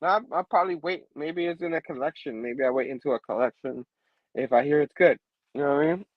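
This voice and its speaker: High-voiced, chuckling male show host. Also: quick pace, dry recording, narrow, tinny audio. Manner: laughs often, keeps saying "you know what I mean". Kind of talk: casual comic book review chat.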